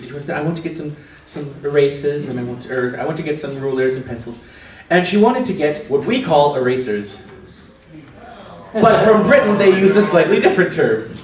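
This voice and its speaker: A man's voice: fairly high pitch, animated, moderate pace, a little hiss or hum. A man doing stand-up comedy, telling family stories and laughing at his own jokes in front of a live crowd. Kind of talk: stand-up storytelling. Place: small comedy stage with live audience. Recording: echoey stage from a distance with crowd.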